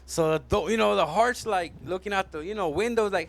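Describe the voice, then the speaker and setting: A man's voice: sits high, a little fast, creaky. A man telling a stand-up joke in a loose, slangy way, tagging nearly every phrase with "man" or "homie". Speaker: comedian. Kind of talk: stand-up storytelling.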